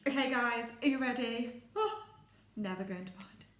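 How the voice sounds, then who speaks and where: A woman with an English accent teaching a phonics lesson to young children, with big gasps and drawn-out sounds. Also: a little high, fairly bright tone, echoey room, a little hiss or hum. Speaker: primary school phonics teacher.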